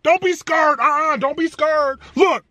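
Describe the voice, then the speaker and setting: Energetic male vlogger, high bright voice, playful slang. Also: measured pace, no room sound. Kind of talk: casual hype vlog talk.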